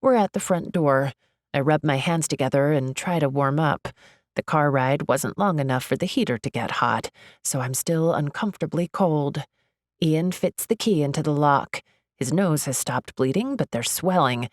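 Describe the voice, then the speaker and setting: A young woman reads a first-person romance novel aloud in a low voice. She is expressive and lively in her delivery. The recording is dry and close, with no room sound. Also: moderate pace, no echo. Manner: expressive, leaps high in pitch for her character's outbursts. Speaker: audiobook narrator.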